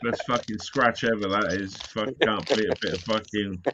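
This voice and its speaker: A man's voice: fairly low pitch, fairly even intonation, normal speed, pushed and bright, highs cut off, slight background noise. A man joining a live call, throwing in crude joking remarks. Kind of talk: casual chat.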